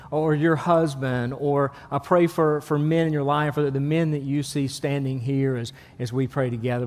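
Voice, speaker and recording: High-voiced pastor in a reverberant church. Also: male voice. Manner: conversational, many restarts, calls for amens. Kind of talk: sermon with humor and prayer. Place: church sanctuary. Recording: long church hall reverb.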